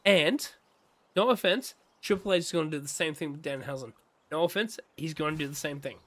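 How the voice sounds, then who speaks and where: On a casual gaming stream, a man delivers an impassioned wrestling rant, excitedly mimicking other people's reactions. His voice is fairly high and brisk.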